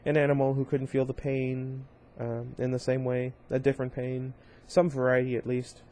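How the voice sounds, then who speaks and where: Guy reading a book out loud, mid-pitched voice, stumbles and corrects himself now and then. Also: completely flat delivery, normal speed. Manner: informal, with slips, restarts and brief asides. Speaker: reader. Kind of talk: reading a novel aloud.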